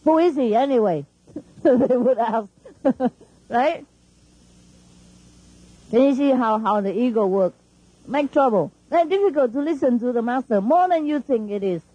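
Woman spiritual teacher, husky and warm-toned, talking to followers in animated, emphatic, broken English on a dull, dry lo-fi recording. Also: fairly high pitch, unhurried, long pauses, no echo. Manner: animated and emphatic, laughing often, non-standard English grammar. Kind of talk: informal talk to followers.

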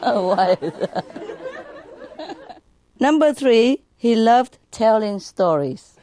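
Slow, playful woman telling jokes. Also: a little high, mellow. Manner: playful, laughs between lines, teases listeners with questions. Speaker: spiritual teacher. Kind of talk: telling jokes to a live audience.

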